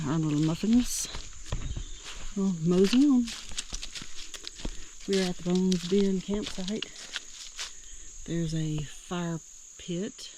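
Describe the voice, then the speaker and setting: A hiker talks to a handheld camera in the woods, in a relaxed, rambling way, musing aloud about what comes up along the trail. The voice sits at a middling pitch. Faint insect noise hums behind it. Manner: rambling, chatty, thinking aloud. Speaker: hiker vlogger. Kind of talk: casual trail vlog narration. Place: outdoors in the woods by a creek.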